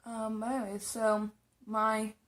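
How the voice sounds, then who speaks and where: A woman's voice: on the high side, monotone, a little slow, fairly bright tone. Chatty young woman rambling through a story. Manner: rambling, chatty, full of "like" and restarts. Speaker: makeup vlogger. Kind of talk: casual storytelling while doing makeup.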